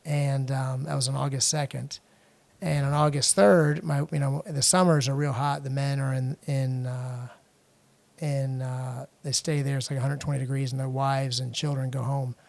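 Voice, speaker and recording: A middle-aged man from the United States, a podcast guest telling a personal story in a halting way, with frequent restarts and fillers. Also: medium pitch, little pitch movement, vocal fry, a little mellow. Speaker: podcast guest, international lawyer.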